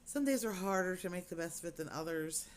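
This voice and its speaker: A woman's voice: on the low side, animated, a little fast. Lady vlogger just chatting, rambly and easygoing, faint noise behind her. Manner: rambling and chatty, many fillers like "you know". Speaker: crafting vlogger. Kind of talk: casual chat to camera.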